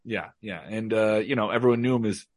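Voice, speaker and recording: A man's voice: lowish voice, brisk, no room sound. A man talking passionately and emphatically as a guest in casual podcast chat.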